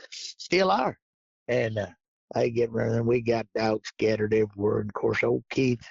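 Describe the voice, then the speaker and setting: A man's voice: lowish voice, gravelly, a little mellow, husky, no echo. A man, a podcast guest telling hunting stories in a folksy, drawling way with frequent laughs. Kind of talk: casual storytelling. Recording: dull lo-fi podcast audio.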